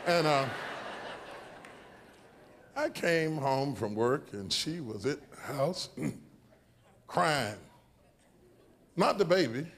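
A man preaching a sermon to a congregation. He builds into shouted, half-sung preaching and breaks into long counting runs. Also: a little high, lively intonation, very slow, gravelly, long pauses. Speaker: pastor.

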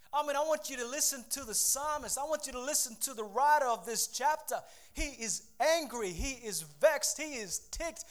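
A man's voice: very high-pitched, moderate pace, hardly any pauses. A man preaching a sermon to his congregation, acting out the people he quotes and calling out to the room. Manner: animated preaching, acts out the speakers he quotes, calls out to the congregation. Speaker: pastor.

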